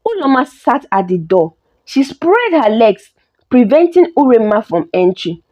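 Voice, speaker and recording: A woman narrating a folk story in an expressive storytelling way. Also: on the high side. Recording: dull lo-fi recording.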